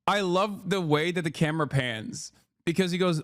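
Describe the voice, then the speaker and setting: Sarcastic streamer guy, fairly high voice, dry close mic, swears a bit. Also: normal speed, dry recording. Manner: sarcastic, animated, profane. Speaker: streamer host. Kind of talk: casual commentary.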